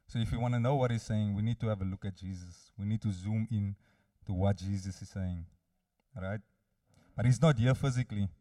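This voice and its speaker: Low, mellow-voiced male preacher. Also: fairly quick, no echo, studio quality, far from the mic. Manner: earnest, direct address to listeners. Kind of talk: sermon.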